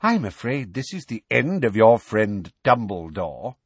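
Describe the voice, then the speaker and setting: A man's voice: fairly low pitch, sing-song, a little slow, slightly rough, dry recording, exaggerated voice. Man putting on a blustering pompous minister. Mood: sneering. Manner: blustering, sneering. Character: pompous middle-aged male minister, blustering and nasty.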